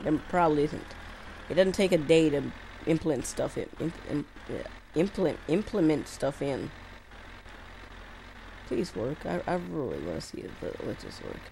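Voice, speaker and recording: Woman, low-pitched, lively, rambling gameplay commentary, self-talk. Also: slight background noise. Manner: rambling, thinking aloud, mumbling to herself. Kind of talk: casual let's-play commentary.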